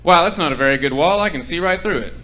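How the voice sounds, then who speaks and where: A male comedian voicing a deadpan American tourist, using his own plain voice as a fake accent joke. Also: fairly high pitch, quick pace, background noise, natural voice. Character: deadpan American man touring abroad, unchanged voice.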